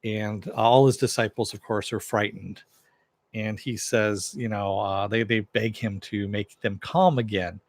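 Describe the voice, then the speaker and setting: A man's voice: on the low side, dry recording. A man casually recapping and reviewing a TV episode, rambling with frequent "uh" and "you know" fillers.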